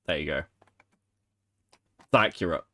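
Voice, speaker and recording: A man's voice: rumbling low, a little slow, sharp tone, dry recording. Casual man reacting on stream. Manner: casual, profane, amused. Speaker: stream co-host reacting to a clip. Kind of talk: reaction commentary.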